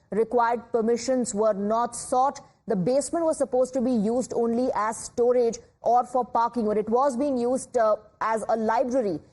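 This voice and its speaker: A woman with an Indian English accent anchoring a TV news bulletin in a measured, formal way. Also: on the high side, darkish tone. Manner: measured, formal newsreading with occasional fillers.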